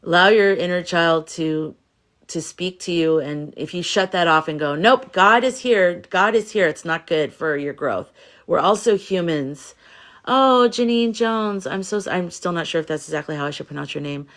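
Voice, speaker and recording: A tired woman from the United States hosting a casual livestream, chatting softly and reassuringly as she reads viewer comments. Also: low voice, moderate pace. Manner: soft, rambling, reassuring, reads chat messages aloud. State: tired from little sleep. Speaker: livestream host, spiritual reader.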